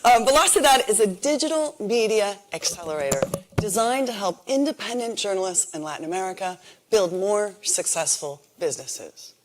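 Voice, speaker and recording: Female presenter, mid-range pitch, enthusiastic scripted announcement.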